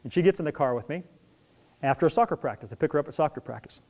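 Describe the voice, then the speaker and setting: A middle-aged man with a slightly high voice speaks at a racing pace. He's talking to an audience about parenting young athletes, an animated storyteller who acts out scenes as he goes.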